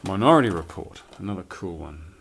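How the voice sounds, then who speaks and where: Man, very low voice, casual rambling chat, light swearing, faint background noise. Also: expressive, fairly quick, creaky. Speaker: collector showing his films.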